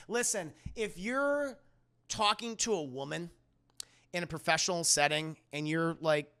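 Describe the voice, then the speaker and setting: A man casually reviewing a film for his live-stream chat, retelling scenes in an animated, swearing, joking way. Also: a little high, a little slow, clean tone.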